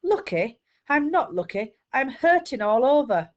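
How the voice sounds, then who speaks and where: A scared young boy in a storybook reading, his voice lifted high and pleading. A woman puts him on as she reads. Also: very animated, unhurried, muffled recording. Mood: aching.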